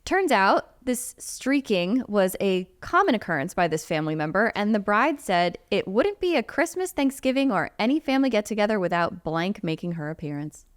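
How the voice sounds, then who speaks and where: A woman co-hosting a casual wedding podcast who reads out listener stories, blunt and quick to laugh. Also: mid-range voice, very animated. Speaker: podcast co-host, wedding videographer.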